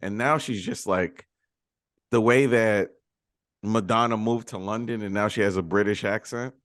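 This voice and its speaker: A male co-host on a movie podcast, trading relaxed, offhand opinions. His voice sits on the low side and is recorded dry and close. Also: normal speed, no room sound. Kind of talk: casual movie review chat.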